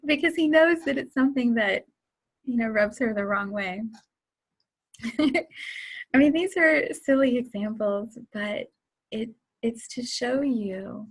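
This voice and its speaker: A woman's voice: on the high side, slow pace, long pauses. A woman in her forties hosting a casual spiritual talk, chatty and laughing often as she tells stories. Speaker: host.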